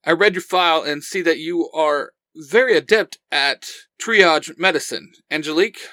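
A man's voice: fairly high pitch, moderate pace, sharp tone, no echo, clean studio sound. A man voicing a confident male hunter commander who gives orders in an upbeat, authoritative way. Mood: commanding.

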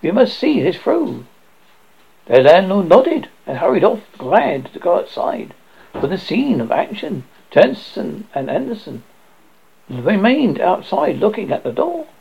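Brief: horror host narrator, raspy and gravelly, lively pitch swings, muffled lo-fi sound. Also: male voice. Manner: halting, stumbling over words. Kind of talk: reading a ghost story aloud. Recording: dull lo-fi recording.

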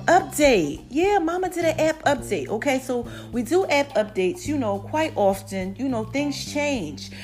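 A high-pitched woman from South Jersey hosts her own show in a loose, chatty monologue. She is playful and sassy, and she swoops up and down as she talks. Faint music plays behind her. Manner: playful, sassy, calls listeners "y'all" and "babies", refers to herself as Mama. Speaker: podcast host. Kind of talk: casual podcast monologue.

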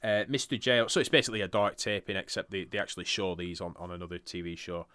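A man's voice: sits low, steady tone, quick pace, sharp tone, smooth, no room sound. A man hosting a podcast in casual chat, swearing freely and laughing often. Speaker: podcast host. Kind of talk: casual chat, reviewing wrestling results.

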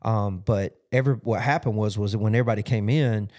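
Talking fast in a fairly low, darkish voice, a pastor casually goes over his sermon for a podcast. The delivery is rambling and peppered with "you know" fillers.

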